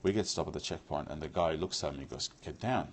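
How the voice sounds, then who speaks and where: A man's voice: a bass voice, fast talker, slight background noise. A man from Iraq telling his life story to an audience, candid and unscripted, often restarting and repeating phrases as he goes.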